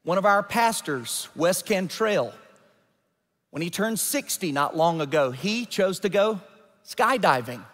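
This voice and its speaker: High-voiced male pastor in a reverberant hall. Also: measured pace. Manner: animated, builds to emphatic peaks. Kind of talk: sermon storytelling. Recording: long church hall reverb.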